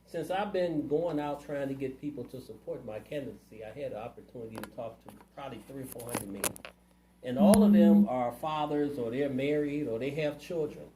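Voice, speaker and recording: A man's voice: mid-range voice, fairly quick, dark tone, roomy sound, slight background noise, rough recording. A man running for city council, answering interview questions in a plainspoken, earnest way. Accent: Ohio. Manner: earnest, plainspoken, community-minded.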